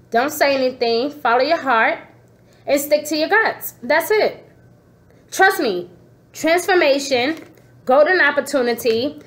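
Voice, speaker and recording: A woman giving a casual tarot reading to her viewers, expressive and sassy, calling them endearments. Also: high-pitched. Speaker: tarot reader.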